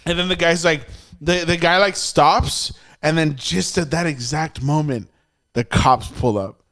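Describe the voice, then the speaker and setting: Animated man telling a profane story. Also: a little high, measured pace, no room sound, studio quality. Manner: animated, profane, acts out the people in his story. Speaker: podcast host. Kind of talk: casual podcast storytelling.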